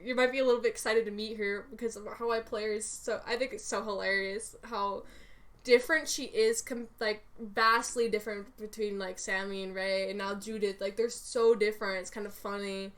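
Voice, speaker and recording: A woman's voice: medium pitch, fairly even intonation, brisk, fairly bright tone. A young woman co-hosting a podcast, chatting casually about her role-play characters in a rambling, giggly way with many fillers. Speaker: podcast co-host.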